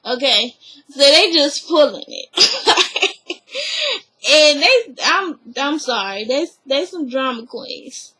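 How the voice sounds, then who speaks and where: Woman, high bright voice, unhurried chatty recap storyteller. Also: sing-song, low-quality recording. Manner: chatty storytelling, drawn-out asides. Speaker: reality show recapper. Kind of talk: casual episode recap.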